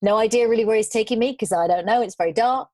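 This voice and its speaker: A woman guest on a podcast, telling travel stories in casual conversation, animated and laughing now and then. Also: fairly high pitch, fast, dry recording.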